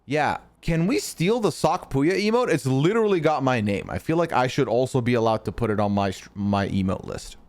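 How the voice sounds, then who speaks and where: A man's voice: mid-range voice, animated, brisk, few pauses, darkish tone. A young man from Canada, hosting a live stream in casual chat, answering his chat and teasing trolls with some swearing. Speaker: streamer host.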